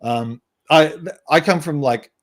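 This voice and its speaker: A man's voice: on the high side, slow pace. A man from the West Country with a light West Country English accent, chatting casually as a guest game designer into a desk microphone, rambling with stammered restarts. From West Country, England. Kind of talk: casual podcast chat.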